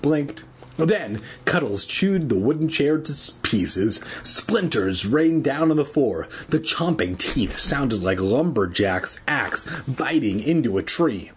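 A man's voice: medium pitch, sing-song, slow pace, slight background noise. A man reading a storybook aloud at home, with irreverent, swearing asides. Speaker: reader.

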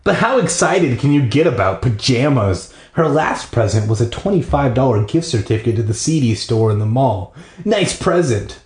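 A man's voice: mid-range voice, a little mellow, echoey room. A man hosting a podcast, reading a children's book aloud with irreverent, profane comic asides, recorded in a bathroom.

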